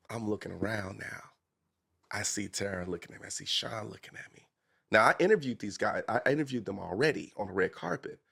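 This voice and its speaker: A man, a talk show host guesting on a podcast, telling a story with excitement, acting out quotes and swinging from whispers to shouts. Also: medium pitch, gravelly, slightly rough. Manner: speaks some Spanish and English. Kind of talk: animated storytelling in casual chat.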